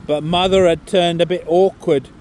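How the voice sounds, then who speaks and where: A man's voice: high-pitched, steady tone, normal speed, a little mellow, a little hiss or hum. A man reciting a comic poem aloud outdoors in a seaside town, in a put-on Lancashire accent and a theatrical storytelling manner.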